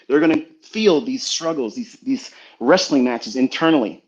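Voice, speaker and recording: A man's voice: on the high side, expressive, moderate pace, darkish tone. A middle-aged man giving a blunt, profane motivational lecture full of rhetorical questions, on a dull recording. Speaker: trading mentor. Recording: dull lo-fi sound.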